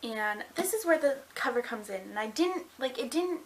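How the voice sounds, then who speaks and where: A woman's voice: fairly high pitch, lively intonation, normal speed, poor audio. A young woman reviewing a book on camera, gushing and dramatic, rambling with lots of fillers. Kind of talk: excited casual book review.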